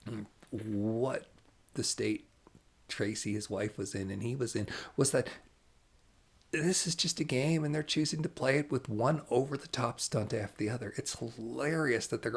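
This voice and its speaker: A man giving an animated, emphatic channeled spiritual talk, now and then dropping to hushed asides. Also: mid-range voice, normal speed, gravelly, husky.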